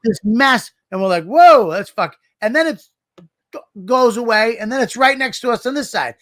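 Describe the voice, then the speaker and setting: A man co-hosting a podcast, telling a profane, animated story in casual banter on a studio microphone. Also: very high voice, normal speed, no echo. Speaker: podcast co-host.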